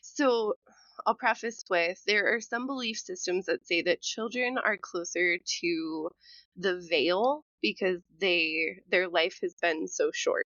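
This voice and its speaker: A woman's voice: lowish voice, slow, fairly bright tone, no room sound, highs cut off. Earnest woman podcast co-host. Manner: earnest, explains ideas before telling her story. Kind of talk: casual storytelling chat.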